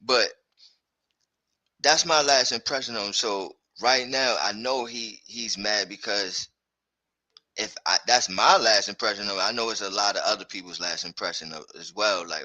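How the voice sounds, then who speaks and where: A man hosting a sports podcast, talking loosely and excitedly with slang and fillers. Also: fairly low pitch, normal speed, dry recording, rough recording. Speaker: podcast host. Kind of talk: casual sports chat.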